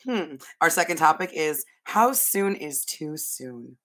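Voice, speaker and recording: A woman co-host with a lowish voice that is worn and half gone, talking in a playful, laughing way on a casual podcast. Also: animated, slow pace, a bit bright. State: losing her voice. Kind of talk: casual chat.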